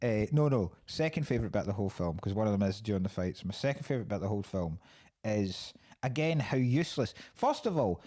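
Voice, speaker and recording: Animated, sweary man on a podcast. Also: lowish voice, fast. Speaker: podcast host. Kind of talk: casual film-review chat.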